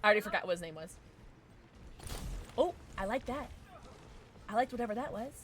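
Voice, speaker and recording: A young woman with a mid-range voice streams a game, chatting casually and fairly quickly over a little hiss or hum. She's giggly and excitable, reacting to the play and often talking to herself.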